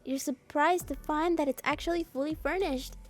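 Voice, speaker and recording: Woman streamer, high and bright-toned, reads a story game aloud with playful asides; soft music under her. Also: normal speed. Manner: playful, expressive, jokes at her own reading.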